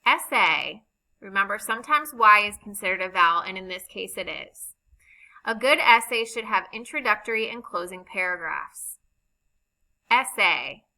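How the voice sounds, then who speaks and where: A woman teaching a recorded reading lesson, speaking slowly and deliberately as she spells out vowel sounds. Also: medium pitch, animated, pushed and bright, rough recording.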